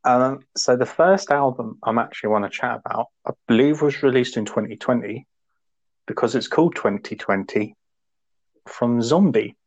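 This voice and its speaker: A man co-hosting a podcast, rambling casually and acting out quotes in sudden high voices. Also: normal speed, highs cut off. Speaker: podcast co-host. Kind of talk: casual chat.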